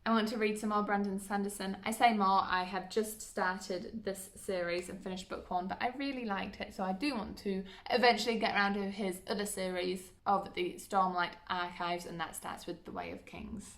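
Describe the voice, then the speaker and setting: Young woman, casual vlog host, brisk list-reading, chatty asides, mid pitch. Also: steady tone, a bit bright. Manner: chatty, reads titles briskly, self-deprecating asides. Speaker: book vlogger. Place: at home by a bookshelf.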